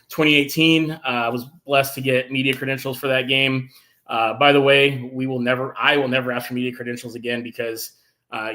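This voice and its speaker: A man hosting a casual sports talk show, enthusiastic and animated, reading out viewer comments. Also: medium pitch. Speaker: podcast host.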